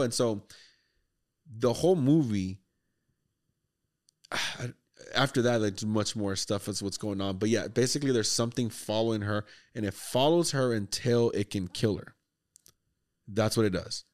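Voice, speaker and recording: A man hosting a podcast, excitedly retelling a horror movie plot in casual, profane, rambling chat. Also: medium pitch, normal speed. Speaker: podcast host.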